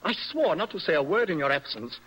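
A highly strung young poet in a radio play, his voice light, bright and a little breathy. He swings his pitch widely as he moves between dreamy musing and impassioned outbursts. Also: big pitch swings, fast talker, a little hiss or hum, low-quality recording. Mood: bitter. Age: young adult. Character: young man, a nervous, passionate poet. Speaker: romantic rival. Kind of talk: old-style radio drama acting.

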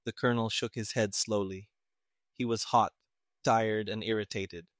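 A man narrating a story in a measured, even way. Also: lowish voice, no echo, clean studio sound.

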